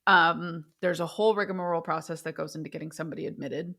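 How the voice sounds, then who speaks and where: A woman's voice: deep voice, quick pace, vocal fry. Woman therapist telling a story on a podcast. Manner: storytelling, animated when quoting. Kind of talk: casual podcast chat.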